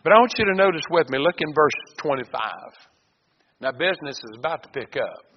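A man's voice: on the high side, expressive, brisk. A male preacher delivers a folksy, emphatic sermon in a slightly raised voice, stopping to read scripture aloud. The church recording is muffled, with a long echo and a faint hiss underneath.

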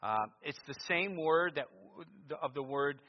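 A man preaching a sermon in a church, moving between loud emphatic lines and quiet asides. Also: on the high side, animated, normal speed. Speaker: pastor. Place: church sanctuary. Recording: muffled sound with long church reverb.

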